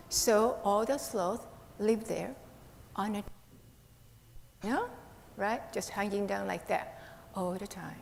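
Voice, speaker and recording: A woman's voice: medium pitch, slow pace, creaky, pauses often, darkish tone. A woman minister giving a playful children's sermon with a puppet, coaxing the kids with questions. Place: temple hall. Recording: echoey hall, faint hiss.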